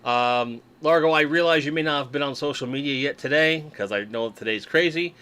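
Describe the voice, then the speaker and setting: A man's voice: fairly high pitch, brisk, bright, forceful tone, smooth. A man hosting a casual livestream from his desk, chatting and joking with viewers while unboxing toys. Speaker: livestream host. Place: home room at a desk.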